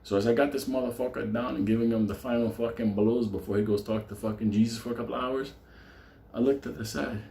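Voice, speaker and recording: A man telling a profane story, laughing often and talking with animated energy. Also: medium pitch, fast, gravelly. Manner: laughing, animated, heavy swearing. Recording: echoey room with faint ambience.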